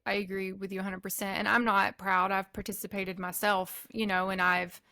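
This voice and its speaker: A woman's voice: mid-range voice, little pitch movement, moderate pace, pushed and bright. A woman with a mid-range voice co-hosts a conversational podcast. She talks chattily and agreeably, her speech full of "like" and "um.". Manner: chatty, many likes and ums, agreeable. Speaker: podcast co-host.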